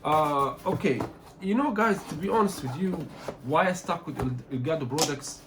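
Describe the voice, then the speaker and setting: A man from Egypt, not an English speaker, talking through an unboxing as a tech reviewer, animated and complaining in loose phrasing. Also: on the high side, moderate pace, background noise. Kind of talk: casual unboxing vlog.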